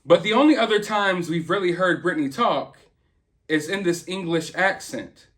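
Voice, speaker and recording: High-voiced man giving earnest commentary. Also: normal speed, a bit bright. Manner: earnest, rambling, opinionated. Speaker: host. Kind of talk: casual commentary.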